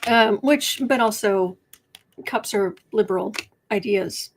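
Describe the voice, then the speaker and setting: A woman's voice: mid-range voice, takes it slowly, a little hiss or hum. A woman doing casual livestream commentary as a tarot reader and political commentator, chatty and sardonic, reading viewer comments aloud.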